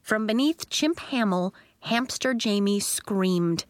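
A woman's voice: mid-range voice, slow, no echo, studio quality. A woman narrating a children's audiobook expressively, giving each character a voice of her own. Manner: expressive storytelling, voicing the characters.

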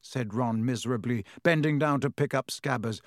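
A man narrating a story aloud in a vivid, expressive audiobook style. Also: medium pitch, normal speed, dry recording, clean studio sound.

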